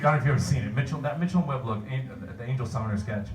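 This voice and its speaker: A man's voice: medium pitch, very fast, few pauses, crowd noise. A man, a voice actor, chatting at a convention panel Q&A, rambling and restarting his sentences often. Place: convention hall. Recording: echoey hall, distant mic, faint room noise.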